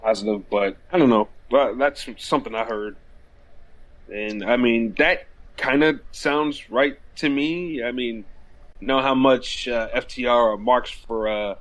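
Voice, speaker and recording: A man's voice: mid-range voice, unhurried, fairly bright tone, rough recording. A man co-hosting a casual wrestling podcast, rambling with lots of fillers and frequent laughter. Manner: rambling, laughs often, loose and profane. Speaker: podcast co-host.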